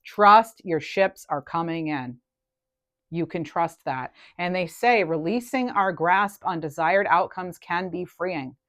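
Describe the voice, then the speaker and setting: Woman, low voice, casual tarot reading, chatty, thinks aloud, dry recording. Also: animated, takes it slowly, a bit bright, no echo. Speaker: tarot reader.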